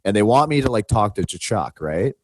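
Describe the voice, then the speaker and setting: Man, podcast co-host, lowish voice, lively storytelling, dry close mic. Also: fairly quick, dry recording. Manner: animated, acts out quotes in raised voice. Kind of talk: casual storytelling chat.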